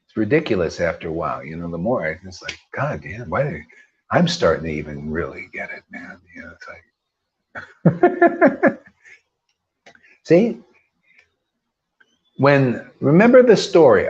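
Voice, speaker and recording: A man's voice: medium pitch, huge pitch swings, unhurried, pauses often, darkish tone. A man preaching informally as a spiritual teacher, firing combative rhetorical questions and tossing in slangy "man" asides. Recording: dull lo-fi recording.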